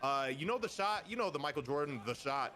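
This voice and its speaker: A man swearing heavily as he tells excited stories in a casual group chat. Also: a little high, a little fast, crowd noise. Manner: excited storytelling, heavy swearing.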